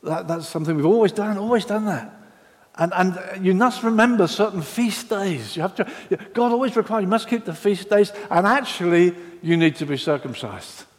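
A man's voice: sits high, normal speed, close to an everyday voice. A man voicing a friendly but insistent male religious teacher who coaxes his listeners into keeping extra rules. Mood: coaxing. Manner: coaxing, falsely warm. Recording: reverberant hall.

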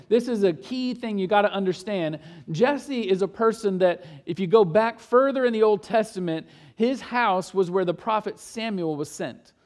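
Pastor, male, fairly high voice, chatty storytelling sermon, shifts from hushed to emphatic. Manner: conversational storytelling with rhetorical questions.

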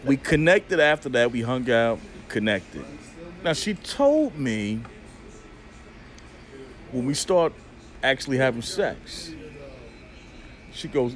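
Animated man telling a story. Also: medium pitch, takes it slowly, long pauses. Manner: animated, profane, acts out dialogue. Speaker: podcast guest. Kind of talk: casual storytelling.

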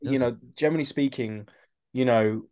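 A man with a London accent spins lively behind-the-scenes stories as a guest on an interview podcast. His pitch sits in an ordinary middle range. He trips over his own sentence starts as he goes and breaks into other people's voices to act out what they said. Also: fairly quick. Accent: London English. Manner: animated storyteller, acts out quoted voices, many restarts. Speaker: actor guest.

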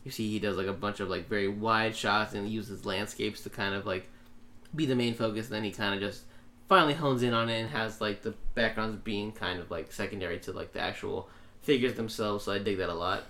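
A man hosting a podcast in relaxed, rambling casual chat full of filler words. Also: fairly low pitch, fairly quick. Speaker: podcast host.

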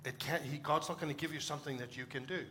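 A man's voice: a little high, steady tone, quick pace, sharp tone, slight background noise. A middle-aged man from Africa, a pastor preaching a conversational sermon and acting out short quoted exchanges.

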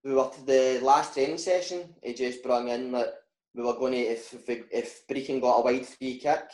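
A man's voice: medium pitch, moderate pace, reverberant, low-quality recording. Laughing Scottish man telling stories. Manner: laughs often, animated anecdotes. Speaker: footballer guest. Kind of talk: casual storytelling.

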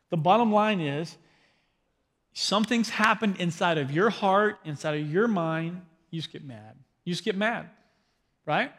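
A man in his thirties, a pastor, preaches a sermon on parenting in a chatty, joking style, regularly putting questions to the crowd and poking fun at himself. His voice sits a little high with a fairly bright tone, and it sounds like a big room.

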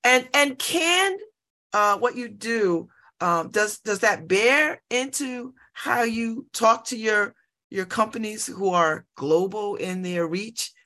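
A woman hosting a radio interview, asking thoughtful questions in a halting way with many fillers and restarts. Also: mid-range voice, lively intonation, pushed and bright.

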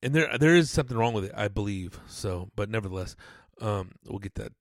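A man rambles through a casual podcast monologue, cursing freely and tossing in fillers. His voice sits a little low and has a gravelly rasp. The sound is dry and close, with no room echo. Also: lively intonation, a little fast. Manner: rambling, profane, laid-back, lots of "dude" and fillers. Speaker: podcast host.

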